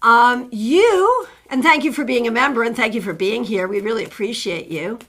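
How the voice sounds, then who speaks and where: A middle-aged woman hosting a live tarot stream, chatting warmly as she greets viewers by name and reads their cards. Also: on the high side, animated, normal speed.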